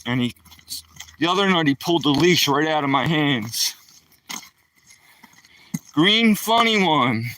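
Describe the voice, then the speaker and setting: An older man with a strong Philadelphia accent talks slowly and unhurriedly, his voice bright and forward. He greets his regular viewers playfully and chats with them casually. The recording is dry and picks him up from a little way off the mic. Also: fairly high pitch, lively intonation, no room sound, far from the mic. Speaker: live streamer. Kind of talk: casual live-stream chat with viewers. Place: outdoors at night, walking a dog.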